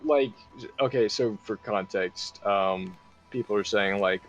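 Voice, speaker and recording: A man's voice: on the low side, measured pace, highs cut off. A man chatting casually during a gaming stream, slightly nasal, swearing freely and full of "like" fillers. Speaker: streamer and co-host. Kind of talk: casual chat while gaming. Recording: faint game music behind.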